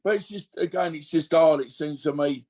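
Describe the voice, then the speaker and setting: A man's voice: on the high side, normal speed, darkish tone. A man in his fifties, a podcast guest speaking candidly and emotionally in a rambling, casual way. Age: 50s. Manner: rambling, emotional, full of you-knows.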